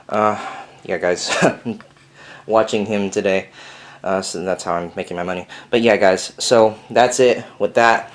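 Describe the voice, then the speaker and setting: Young male hobby vlogger, lowish voice, loose rambling delivery with lots of fillers, recorded at home. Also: fairly even intonation, unhurried, slight background noise. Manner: rambling, chatty, many fillers. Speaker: Lego builder vlogger. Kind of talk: casual video update. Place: bedroom at home.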